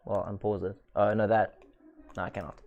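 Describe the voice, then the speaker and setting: A man's voice: fairly low pitch, level tone, brisk, a little mellow, lo-fi sound, a little hiss or hum. A man with a South African accent hosting a casual gaming stream, rambling and self-mocking. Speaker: stream host.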